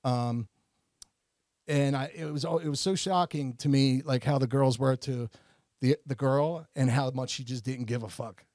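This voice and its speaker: A man's voice: mid-range voice, steady tone, measured pace, a little mellow, no echo, clean studio sound. A man in his forties, co-hosting a podcast, tells a long story in a rambling way, full of restarts and "like"s. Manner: rambling, self-interrupting, many restarts and "like"s. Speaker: podcast co-host. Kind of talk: casual storytelling chat.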